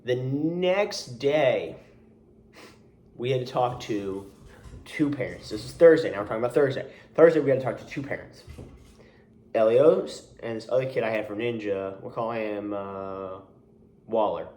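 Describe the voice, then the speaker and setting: A man's voice: mid-range voice, normal speed, mellow. A young man who works as a camp coach, telling a story in a casual vlog, rambling with many restarts and asides and sounding exasperated. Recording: roomy echo.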